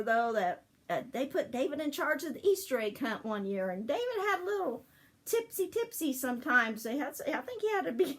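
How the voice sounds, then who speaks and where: An older woman telling childhood family stories in a casual, rambling way, laughing often as she remembers. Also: fairly high pitch. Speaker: storyteller. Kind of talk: casual memorial storytelling.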